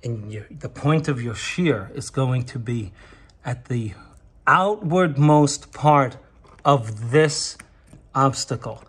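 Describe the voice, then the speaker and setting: A man of middle pitch hosts his own wallpaper channel, teaching a trade job one step at a time. He speaks slowly and patiently, encouraging the viewer as if they have never tried it before. The tutorial is recorded indoors in a client's home studio. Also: breathy edge. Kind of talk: how-to tutorial narration.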